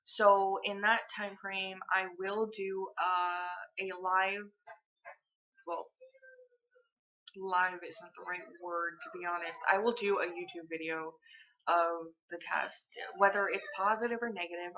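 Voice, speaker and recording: Chatty young woman, bright dull-sounding vlog. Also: mid-range voice, steady tone, a little slow. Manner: candid and chatty, rambling with many fillers and restarts. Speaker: vlogger. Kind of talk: casual chat to camera.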